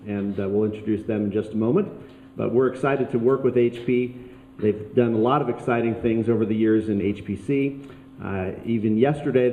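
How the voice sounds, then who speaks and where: A man's voice: lowish voice, roomy sound, narrow, tinny audio, a little hiss or hum. A man welcoming a conference audience and introducing speakers, upbeat with fillers. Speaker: event host. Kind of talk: welcome speech. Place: conference stage.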